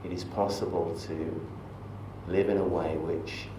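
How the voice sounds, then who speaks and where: A man preaching a sermon in a church, relaxed and conversational, leading into stories with asides to the congregation. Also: low voice, unhurried, background noise. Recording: echoey church from far off.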